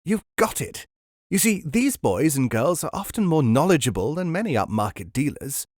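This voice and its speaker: A man's voice: on the high side, sing-song, normal speed, darkish tone, dry recording, clean studio sound, voice pushed up. A man doing a breezy, knowing market dealer. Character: worldly, shrewd male market dealer, amused mentor.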